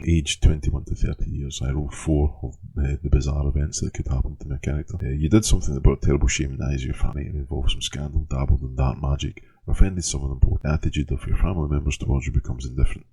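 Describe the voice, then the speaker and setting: A man's voice: a bass voice, creaky, mellow, slightly rough. A man hosting a tabletop game character-building channel, explaining with dry, wry asides. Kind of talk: casual explainer narration.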